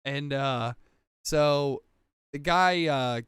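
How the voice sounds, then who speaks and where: A man's voice: a little high, drawn-out words, a bit bright, smooth, no echo, clean studio sound. A man casually recapping a TV episode on a podcast, rambling with fillers and acting out quoted lines. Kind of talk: casual chat.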